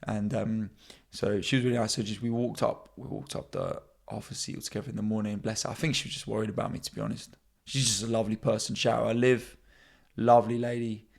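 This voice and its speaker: A young man, a comedian hosting his own podcast, telling stories in a casual, animated way and jumping into high voices when he quotes people. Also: a little fast, creaky. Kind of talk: casual storytelling monologue.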